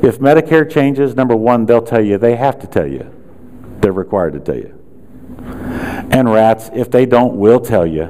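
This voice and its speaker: A man's voice: mid-range voice, animated, normal speed, warm tone. A man speaking to a room of chiropractors at a seminar, firing rhetorical questions and sarcastic asides.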